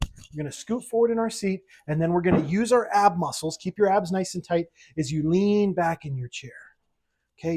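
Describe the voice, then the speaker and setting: An instructor leads a seated exercise class at home, counting each rep aloud. The coaching is upbeat, steady and mid-pitched, broken up by light jokes. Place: at home with pets around.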